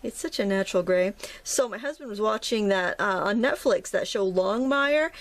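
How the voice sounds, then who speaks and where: A woman's voice: mid-range voice, animated, normal speed. A middle-aged woman from New England, chatting and rambling while she teaches a watercolor painting tutorial, often laughing at herself. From New England, United States. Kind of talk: casual narrated painting tutorial.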